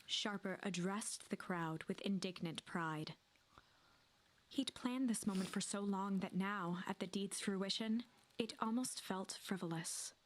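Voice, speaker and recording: A woman reading game narration aloud in a hushed, half-whispered voice. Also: medium pitch, measured pace.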